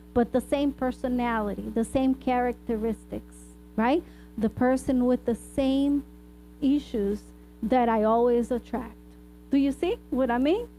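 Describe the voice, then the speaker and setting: A woman's voice: on the high side, a little slow, mellow, a little hiss or hum, poor audio. A woman speaker and therapist giving an informal spiritual talk, addressing the audience with frequent asides and rhetorical "right?" questions. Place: hall of a spiritist society.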